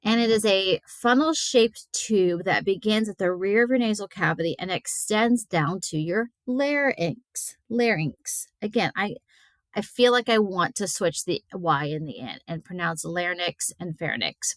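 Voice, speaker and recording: A woman's voice: mid-range voice, animated, moderate pace, no room sound. A woman giving a recorded anatomy lesson in a chatty, informal way, with many fillers and stumbles over hard words. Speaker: teacher.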